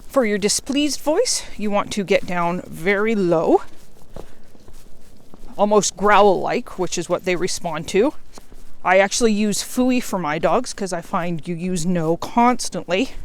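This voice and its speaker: A woman's voice: mid-range voice, lively intonation, measured pace. Woman dog trainer explaining outdoors. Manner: friendly, plain explaining with occasional fillers. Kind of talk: instructional vlog while walking dogs. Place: outdoors on a forest trail.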